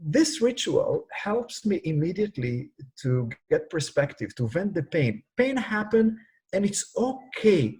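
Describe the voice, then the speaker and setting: A middle-aged man from Singapore, a guest in an interview, telling stories in a lively way and sometimes crying out sounds. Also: medium pitch, slightly rough, poor audio. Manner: animated, cries out sounds when telling stories. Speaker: interview guest, speaker on leadership. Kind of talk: conversational storytelling interview.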